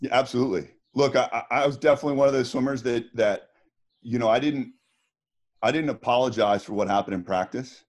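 A man's voice: mid-range voice, a little fast. A middle-aged man, a former swimmer and podcast guest, telling stories in a rambling casual way. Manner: rambling, lots of restarts and fillers. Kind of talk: casual storytelling.

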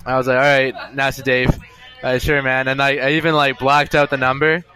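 Guy chatting away on his podcast, bright forceful voice, loose and jokey. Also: mid-range voice, level tone, fairly quick. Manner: chatty, self-amused, repetitive storytelling. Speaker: podcast host. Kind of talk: casual rambling monologue. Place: bar.

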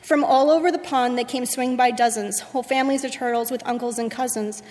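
A woman leading a worship service, reading a rhyming story aloud in a rhythmic, expressive way. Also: a little high, fast talker. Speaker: worship leader. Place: church sanctuary. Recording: echoey sanctuary.

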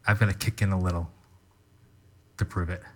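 A man preaching a sermon as pastor, teaching in an animated way and calling people up to act out an example. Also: low voice, fairly quick. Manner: animated teaching with live demonstration.

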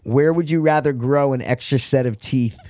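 A man's voice: medium pitch, moderate pace, a little mellow, no echo, studio quality. A brash young man co-hosting a podcast, trading crude, joking banter with a friend. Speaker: podcast co-host.

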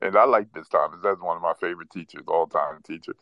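A man's voice: sits low, fast talker, no echo, muffled recording. A man co-hosting a podcast, telling a childhood story in casual chat and laughing as he goes. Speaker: podcast co-host.

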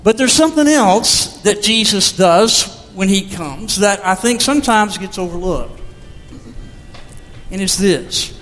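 A man delivers a sermon in a high voice and a slow, deliberate pace. He tells his stories in a measured preacher's manner. His words ring out with a long reverb in the church sanctuary. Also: lively intonation, a bit bright, soft background music. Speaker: pastor.

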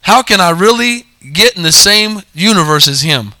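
A man preaching with a very bright, ringing voice that sits a bit high for a man. He stretches scripture out slowly and fires short questions at the church, answering each one himself. The sound is dry and close. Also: expressive, dry recording. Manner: call-and-response preaching, drawn-out scripture reading. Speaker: pastor. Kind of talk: sermon.

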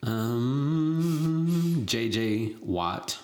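Low-voiced woman chatting casually. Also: lively intonation, extremely slow, darkish tone. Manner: chatty, rambling, laughs easily. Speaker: podcast co-host. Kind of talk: casual chat.

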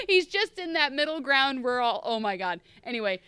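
A woman's voice: high-pitched, very animated, moderate pace, bright, forceful tone. Rambling, wry woman podcaster. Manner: rambling, self-interrupting, wry and emotional. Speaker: podcast co-host recapping a TV episode. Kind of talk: casual chat.

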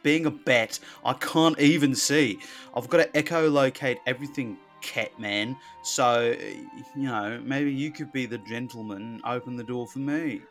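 A coy, blind half-bat heroine, as a man puts her on in a mid-pitched, everyday voice. She talks in a mock-dramatic, flirty way. Faint music runs behind her. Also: fairly bright tone, close to an everyday voice.

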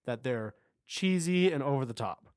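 Man, podcast co-host, casual enthusiastic chat, average pitch, dry sound. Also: animated, moderate pace, darkish tone, no echo. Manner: enthusiastic, retells scenes with laughs.

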